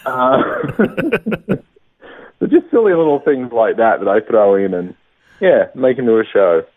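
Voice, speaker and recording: A man's voice: medium pitch, animated, a little slow. A man, a stand-up comedian, chatting casually in an interview, self-deprecating and laughing often. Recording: tinny phone-line sound.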